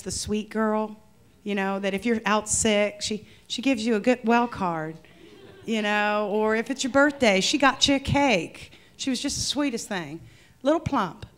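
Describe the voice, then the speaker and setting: Female comedian, live interview guest, wry and self-deprecating, loud bursts. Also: medium pitch, smooth. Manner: wry, self-mocking, shouts quoted outbursts.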